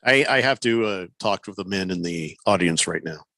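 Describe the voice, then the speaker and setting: A male radio host talking in a bright, forceful voice. He banters casually and gives mock-serious, authoritative advice to his listeners. The studio sound is close and dry. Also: deep voice, expressive, moderate pace, gravelly, no echo.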